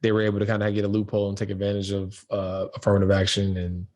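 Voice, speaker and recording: A man co-hosting a casual discussion, animated and joking, with quick asides. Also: lowish voice. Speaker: podcast co-host.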